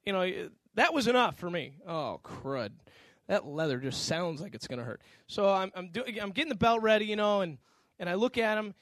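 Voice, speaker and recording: Male pastor, high voice, lively storytelling sermon, dry close sound. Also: moderate pace, no room sound. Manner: animated storytelling, acting out voices.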